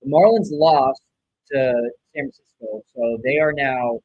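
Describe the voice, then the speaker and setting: A man's voice: mid-range voice, measured pace, narrow, tinny audio, a little hiss or hum. A man hosting a live baseball watch-along stream, cheering, griping about players and reading out viewer chat messages. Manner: excitable, swings from cheering to griping; reads out viewer chat names. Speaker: live stream host reacting to a baseball game.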